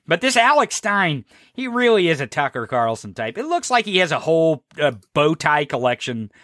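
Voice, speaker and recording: A man co-hosting a podcast, talking politics in a casual, profane and animated way with frequent restarts. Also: on the high side, moderate pace, no room sound, studio quality. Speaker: podcast co-host.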